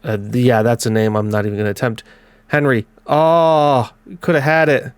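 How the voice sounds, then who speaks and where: A man with a stuffy, congested voice narrates a football management game in a casual, chatty way, rattling off player moves in quick bursts. His voice sits at an ordinary middle pitch. The sound is dry and close, with no room echo. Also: fairly even intonation, clean tone. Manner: chatty, calls match play in quick bursts. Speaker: gaming commentator. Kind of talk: casual let's-play commentary.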